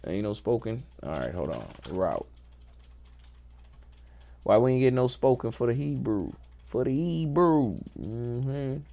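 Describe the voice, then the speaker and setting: Slow, sing-song man musing aloud. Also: medium pitch, vocal fry, mellow. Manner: playful, loves wordplay, thinks aloud. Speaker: host. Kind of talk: casual musing talk.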